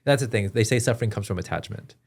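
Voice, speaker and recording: A man as a podcast guest, telling his personal story in an earnest, halting way with frequent restarts. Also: lowish voice, creaky, darkish tone, husky. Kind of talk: personal testimony in an interview.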